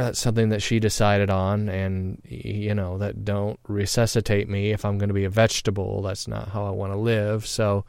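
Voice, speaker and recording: A middle-aged man telling a personal story in a halting, reflective way, pausing often and getting loud at tense points. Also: fairly low pitch, clean tone, dry recording. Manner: halting, reflective, with many pauses and fillers; grows loud and excited when recounting tense moments.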